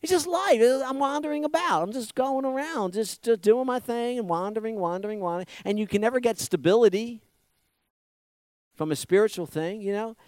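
A man with a notably high voice preaches in an easy, conversational way. He repeats phrases, asks the congregation questions and drops to a near murmur before rising again. The sound is close and dry, with no room around it. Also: moderate pace, dry recording. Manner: repetitive, rhetorical questions, swings from loud to hushed. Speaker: pastor. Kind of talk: conversational sermon.

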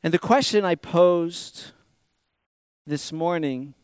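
A man's voice: a little high, slow, a little mellow, clean tone, dry recording, studio quality. A middle-aged man preaching a sermon, acting out quotes with big swings in volume. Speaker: pastor.

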